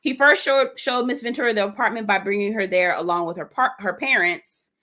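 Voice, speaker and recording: A young woman, hosting a casual live stream, animated and cussing freely as she reacts and reads comments aloud. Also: mid-range voice, a little fast.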